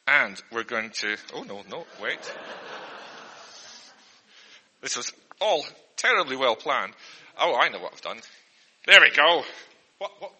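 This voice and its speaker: A man's voice: mid-range voice, sharp tone. A man doing a comic spelling lesson for an audience, in an earnest teacher's patter, often flustered and breaking off mid-sentence. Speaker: comedian. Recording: long hall reverb.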